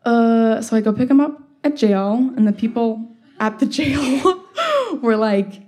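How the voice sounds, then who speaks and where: A woman's voice: fairly high pitch, moderate pace, darkish tone. Young woman telling a crazy story, super casual, lots of likes, laughing at herself. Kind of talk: storytelling monologue.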